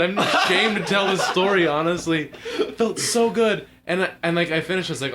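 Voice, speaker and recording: A man's voice: sits high, brisk, a crowd in the background. A young man telling a long story to friends, rambling with lots of fillers and laughing through his words. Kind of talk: casual storytelling among friends.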